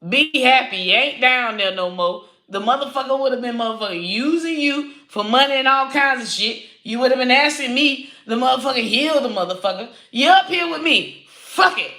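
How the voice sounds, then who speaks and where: High-pitched, cussing comic woman. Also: expressive, normal speed, hardly any pauses. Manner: profane, loud, rambling. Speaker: comedian host. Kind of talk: live-stream comic rant. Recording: echoey room.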